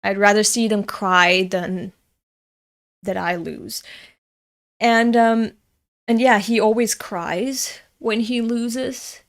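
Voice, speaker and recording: A European woman hosts a manga reading, speaking at a slow pace in a medium-pitched voice with frequent pauses. She tells a story in a chatty, self-mocking way, laughing often, mixing casual storytelling with manga commentary.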